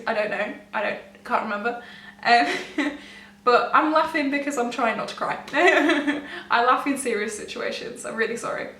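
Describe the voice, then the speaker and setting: A young woman speaks casually to her camera, her fairly high voice wandering through the story with restarts and nervous little laughs. She sits some way from the mic in an echoey room, with a faint hum underneath. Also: sharp tone, recorded from a distance. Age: young adult. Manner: rambling, self-interrupting, laughs nervously. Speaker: vlogger.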